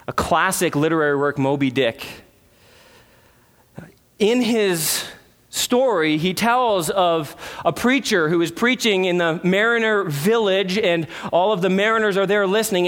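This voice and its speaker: A man preaching a sermon, earnest, with rhetorical questions and dramatic pauses. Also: sits high, fairly bright tone. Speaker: pastor.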